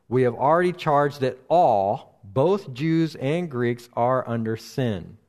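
Male preacher, middle-pitched voice, slow careful delivery, explains scripture verse by verse with pauses. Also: darkish tone. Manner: slow and deliberate, with frequent fillers and restarts. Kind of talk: expository Bible teaching.

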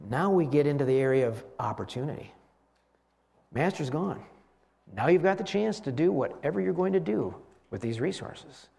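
Male preacher, slightly high-pitched, chatty sermon delivery with rhetorical questions. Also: animated, moderate pace, vocal fry, darkish tone. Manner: conversational, many restarts and rhetorical questions. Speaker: pastor.

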